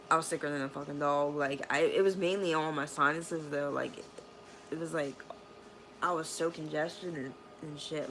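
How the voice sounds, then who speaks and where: A woman's voice: low-pitched, a bit bright, slight background noise, rough recording. A woman vlogging at home in a bedroom, telling a rambling, profane story full of fillers. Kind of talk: casual storytime vlog.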